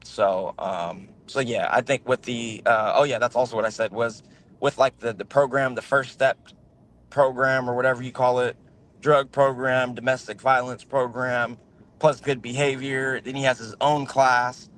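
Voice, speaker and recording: A man's voice: mid-range voice, fairly even intonation, moderate pace, fairly bright tone. A man chatting casually on a video call, rambling with many fillers and restarts. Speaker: guest on a livestream. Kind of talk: casual chat.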